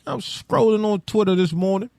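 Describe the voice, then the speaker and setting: A man's voice: sits high, brisk, creaky, darkish tone, no echo. A man hosting a solo podcast, ranting casually in profane street slang with loose, rambling restarts. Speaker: podcast host.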